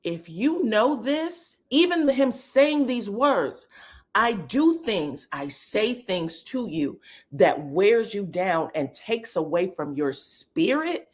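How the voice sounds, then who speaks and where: Woman doing reality tv recap, real chatty and blunt, voice jumps way up when she quotes people. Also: slow. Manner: animated, acts out quotes from the show with big pitch jumps. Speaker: reality TV commentator. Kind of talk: casual reaction commentary.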